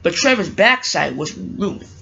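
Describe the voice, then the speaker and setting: A woman's voice: fairly low pitch, big pitch swings, unhurried, vocal fry, sharp tone, breathy edge. A woman narrating a homemade toy train story in a plain, unpolished way, on a dull lo-fi recording with faint hiss.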